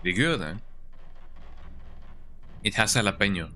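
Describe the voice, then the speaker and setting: A man's voice: on the low side, expressive, a little slow, bright, forceful tone. A young man streaming a horror game, joking around in casual commentary and tagging his lines with "eh?". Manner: playful, jokey, keeps tagging lines with "eh?".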